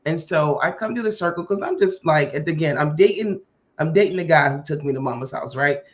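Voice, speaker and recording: A woman hosting a podcast tells a personal story in a casual way and acts out the dialogue with lively voices. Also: sits low, fairly quick. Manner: animated, acts out quoted dialogue. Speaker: podcast host. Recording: muffled lo-fi audio.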